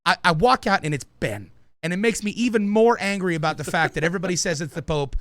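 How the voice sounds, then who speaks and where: A man co-hosting a podcast, telling a comic tall tale in an animated way. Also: sits high, fast talker, dry recording. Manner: animated, builds a tall tale with rising excitement. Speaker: podcast co-host. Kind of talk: casual comedic storytelling.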